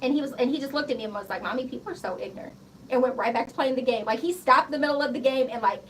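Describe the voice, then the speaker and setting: High-pitched woman ranting bluntly, swears a lot, sits back from the mic, faint hiss behind. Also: very fast. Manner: blunt, profane, animated storytelling. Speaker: radio show guest. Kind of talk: casual interview chat. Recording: slightly distant mic with faint background noise.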